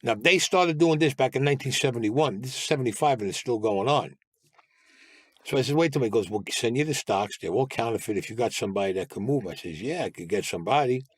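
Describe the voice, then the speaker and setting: An older man with a New York Italian-American accent tells his life story as a guest, bluntly and with swearing, acting out other people's voices as he quotes them. His voice is medium-pitched, husky and animated, and he talks quickly on a dry recording.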